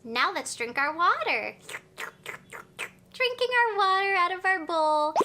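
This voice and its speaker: A young adult woman teaching toddlers through play, talking in a slow, exaggerated, encouraging sing-song. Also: very high voice, expressive, noisy background. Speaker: early-childhood teacher.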